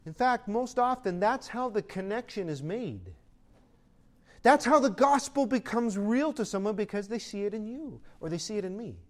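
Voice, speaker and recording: A high-voiced male pastor delivers a sermon. He reads scripture slowly and deliberately. Then he swings between emphatic, raised declarations and quiet, conversational asides. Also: lively intonation. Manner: preaching with emphatic rises and hushed asides.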